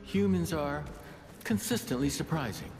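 An actor voicing an ancient male spirit bound in a gauntlet, speaking in a measured, thoughtful way. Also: fairly high pitch, expressive, vocal fry, darkish tone, faint music behind. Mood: musing.

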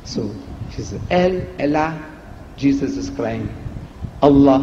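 A man giving an emphatic public lecture, asking rhetorical questions with a lively, teasing delivery, heard on an archive recording. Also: mid-range voice, a little slow, pauses often, background noise. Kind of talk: public lecture played in a reaction video. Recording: echoey hall, dull lo-fi archive recording.

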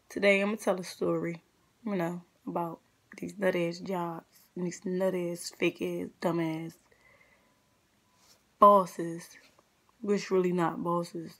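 A woman's voice: fairly low pitch, slightly rough. Blunt, profane young woman ranting. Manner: blunt, profane, slangy and exasperated. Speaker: vlogger. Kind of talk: casual storytime rant.

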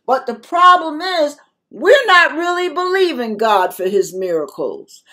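A woman's voice: high voice, very animated, measured pace, sharp tone. An older woman giving a spoken devotional sermon to her viewers, emphatic and repetitive as she exhorts them. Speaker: christian video preacher.

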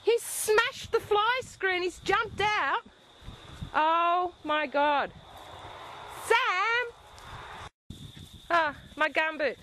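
A woman's voice: extremely high pitch, animated, very slow, long pauses, sharp tone, slight background noise, low-quality recording. A woman filming her home, exclaiming and scolding her dog in exasperation. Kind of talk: casual home video. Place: house and garden, partly outdoors.

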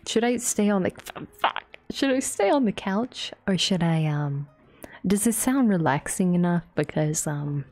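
A woman streamer doing a whispered ASMR stream on a desktop mic, swearing and breaking into shrieks between soft whispers. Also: on the low side, animated, unhurried, soft background music. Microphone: desktop USB mic.

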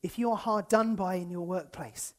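A young man preaching a sermon in a church, in a lively, conversational way that acts out the people he quotes and chuckles often. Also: high-pitched, normal speed. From United Kingdom.

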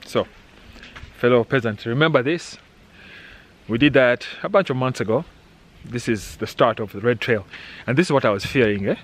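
A man's voice: medium pitch, moderate pace, low-quality recording. A middle-aged man talking casually as he walks a muddy outdoor trail, joking and tagging sentences with "eh?". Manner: rambling, joking, frequent "eh?" tags. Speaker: vlogger on a hike. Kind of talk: casual walking vlog narration.

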